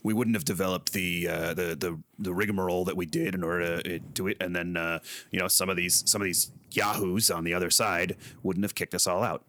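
A man's voice: sits low, flat delivery, brisk, few pauses, bright, forceful tone. An actor playing a scheming male adventurer who talks hesitantly, full of fillers, in an improvised comedy scene. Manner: hesitant, lots of fillers and restarts.

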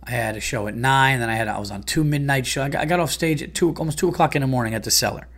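A middle-aged man, ranting in a casual podcast monologue, profane and exasperated, swinging louder and higher when annoyed. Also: rapid-fire. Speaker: comedian and podcast host.

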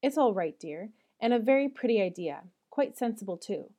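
A woman's voice: fairly high pitch, lively intonation, moderate pace, dark tone. A woman doing sensible older sister Meg. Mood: kind. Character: sensible motherly eldest sister, teenage.

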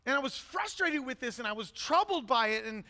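High, bright-voiced preaching man in a hall. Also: very animated, a little fast. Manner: blunt, intense, rising to shouts. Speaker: pastor. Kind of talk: sermon. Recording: long hall reverb.

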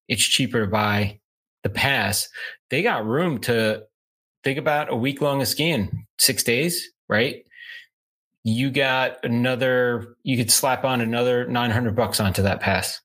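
Male podcast co-host, middle-pitched voice, relaxed casual chat, thinks out loud. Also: unhurried.

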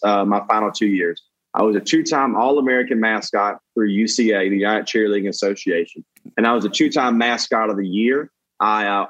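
A young man with a Southern US accent, a comedian guest telling animated stories in casual chat and saying "dude" a lot. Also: medium pitch, dry recording, lo-fi sound. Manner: animated, says "dude" often, jumps into quoted voices.

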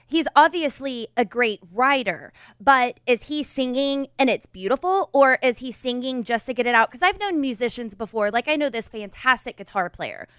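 A young woman co-hosting a podcast, chatting and musing aloud in a relaxed way. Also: on the high side, moderate pace, few pauses, clean tone, no room sound, studio quality. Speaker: podcast co-host. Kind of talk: casual chat.

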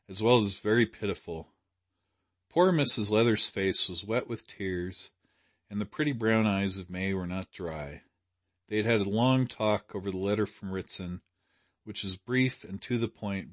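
A man narrating an audiobook in a measured, expressive storytelling manner. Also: lowish voice, dry recording. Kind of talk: scripted narration.

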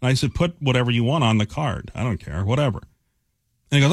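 A man hosting a morning radio show, telling a story in a casual, animated way with plenty of fillers. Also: mid-range voice, quick pace, dry recording, clean studio sound. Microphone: studio microphone.

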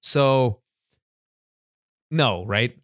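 Laughing, animated podcast guy. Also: medium pitch, very slow, dry recording, studio quality. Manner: animated, laughs often, many restarts. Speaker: podcast co-host. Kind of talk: casual chat recapping a TV episode.

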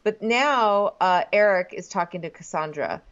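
A woman's voice: on the low side, animated, normal speed, a bit bright, dull audio. A woman co-hosting a casual chat, sarcastic and crude as she recaps a reality show. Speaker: podcast co-host.

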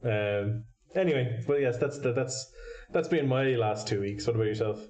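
A man's voice: mid-range voice, normal speed, a little mellow. Rambling, wry man in casual chat. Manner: rambling, many restarts and fillers, wry.

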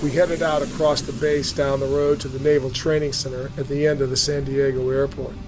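A man narrating his own memoir in a measured, vivid way. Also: medium pitch, level tone. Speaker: storyteller recounting his own boot camp. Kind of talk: memoir reading.

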